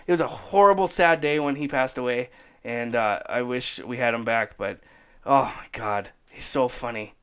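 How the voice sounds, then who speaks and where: Excitable man chatting, clear voice. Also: normal speed. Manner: excited, laughing, acts out bits in high voices. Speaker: podcast co-host. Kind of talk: casual chat.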